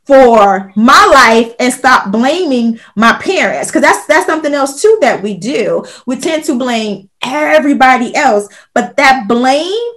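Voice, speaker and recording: A woman's voice: sits high, animated, measured pace, fairly bright tone. A woman podcast host affirming her guest and reflecting on overcoming trauma in an encouraging way. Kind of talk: casual interview conversation.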